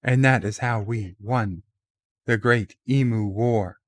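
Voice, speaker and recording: A man doing a comedic impression of a halting, grandiose male starship captain, with dramatic pauses between words. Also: lowish voice, no room sound, studio quality.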